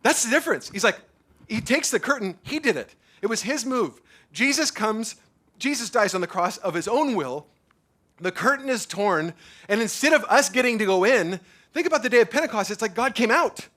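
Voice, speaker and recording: A male pastor delivers a sermon at a church service, his voice pitched high and bright. He talks in an animated, casual way, stacking fillers and repeating himself as he goes. He sounds like a man in his thirties or forties. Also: moderate pace.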